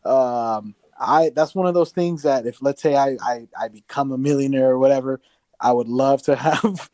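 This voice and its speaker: A man with a dark, mellow voice talks loosely on a podcast, circling back and restarting his sentences as he goes. He drops the odd curse word along the way. His voice sounds dry and close, with no room around it. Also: mid-range voice, moderate pace, no echo. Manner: rambling with many restarts, swears casually. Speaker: podcast co-host. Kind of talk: casual podcast chat.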